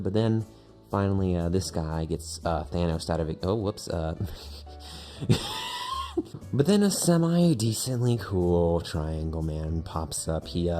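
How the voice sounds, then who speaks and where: Low-voiced guy rambling through a silly improvised story on a stream, faint music behind. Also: mellow. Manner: rambling, full of fillers. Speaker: streamer narrating his drawings.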